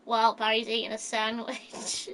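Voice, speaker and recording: A woman talks in a slow, drawn-out way, her voice bright and a touch higher than most. She hesitates often and fills gaps with small fillers as she casually recounts a story she imagined. Faint background noise sits under her voice. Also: completely flat delivery, low-quality recording.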